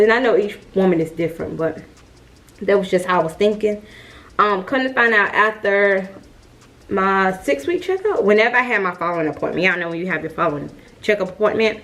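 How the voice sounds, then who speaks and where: A woman vlogger casually telling a personal story straight to her viewers, chatty and full of fillers, while she straightens her hair. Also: mid-range voice. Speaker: mom vlogger.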